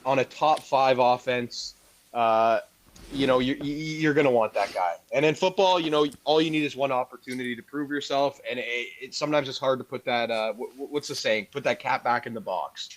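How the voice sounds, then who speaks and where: A man co-hosting a sports betting podcast, giving opinions in casual chat full of fillers like "you know". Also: mid-range voice. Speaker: podcast co-host.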